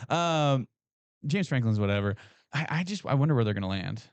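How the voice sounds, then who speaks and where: A man co-hosting a sports podcast in casual, excitable talk with emphatic restarts. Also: medium pitch, quick pace, no echo.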